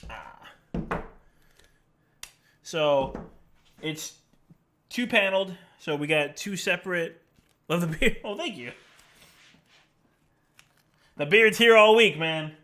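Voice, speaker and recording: A young man streaming live and chatting casually. He jokes at his own expense and talks to his cats and his viewers in a bright, forceful voice pitched a bit above a typical man's. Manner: joking, self-deprecating, talks to cats and chat.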